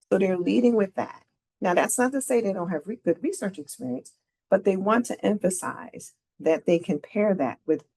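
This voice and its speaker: A woman's voice: on the low side, vocal fry, a little mellow, husky. A middle-aged woman leading a careers workshop, walking through slides in a conversational way and often checking in with "right?". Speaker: career advisor presenting a workshop.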